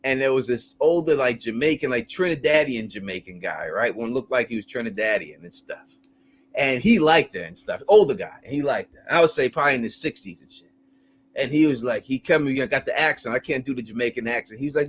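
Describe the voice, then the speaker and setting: A man hosting a casual call-in live stream, animated and crude, laughing often and using lots of slang. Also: mid-range voice, fairly quick.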